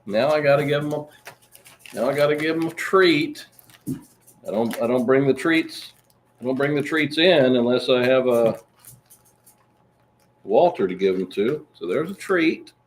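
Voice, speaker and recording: A man's voice: mid-range voice, unhurried, pauses often, slight background noise. A man hosting a casual live podcast, joking around and reading viewer comments aloud. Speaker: podcast host. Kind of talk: casual livestream chat.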